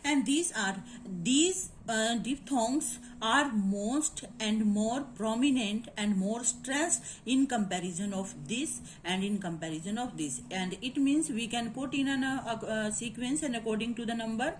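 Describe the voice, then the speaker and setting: A woman teaching word stress in a halting lecture, with many fillers and quick Hindi asides. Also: a little high, slight background noise, rough recording. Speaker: English literature teacher.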